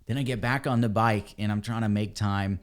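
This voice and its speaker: A man, a podcast guest, telling a story in a casual, animated way and calling people dude and man. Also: lowish voice, fairly quick. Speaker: podcast guest, ebike company cofounder.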